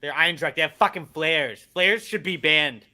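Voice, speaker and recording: A man's voice: a little high, moderate pace, crowd noise. A man co-hosting a podcast in casual chat, ranting and swearing in exasperation. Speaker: podcast co-host.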